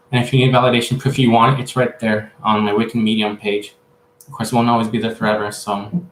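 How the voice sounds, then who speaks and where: A man giving a psychic medium's casual reading in a roomy, echoey space. He rambles and stops often, piling up filler words as he gathers his thoughts. His voice sits at an ordinary middle pitch. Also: slight background noise. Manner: rambling, halting, many fillers. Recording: echoey room.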